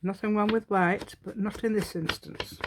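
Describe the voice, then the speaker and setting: A woman's voice: medium pitch, fairly even intonation, moderate pace, noisy background. A woman hosting a crafting tutorial, chatting as she works, rambling and laughing often. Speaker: craft channel host.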